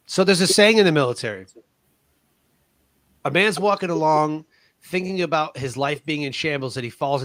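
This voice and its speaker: A man's voice: mid-range voice, fairly bright tone, no echo. A middle-aged man who served in the military tells his stories in an interview. He leans into every anecdote and acts out the voices of the people in it. The recording is dry and close, with no room sound. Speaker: veteran guest. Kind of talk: personal storytelling in an interview.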